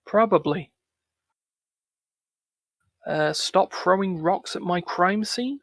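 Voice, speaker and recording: A man with a slightly high voice reads a game's narration aloud, then breaks off into casual joking chat. His voice is dry and close, with no room sound. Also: slow, a bit bright, no echo. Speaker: game player reading the game's text. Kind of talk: casual let's-play narration.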